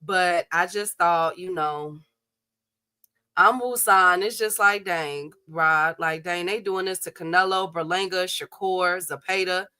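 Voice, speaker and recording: Young woman streamer, bright voice, animated slangy rant to her viewers. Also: lowish voice, a little slow, clear, resonant tone. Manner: animated, talks straight to her chat viewers, blunt and slangy. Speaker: boxing livestream host. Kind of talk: casual livestream rant.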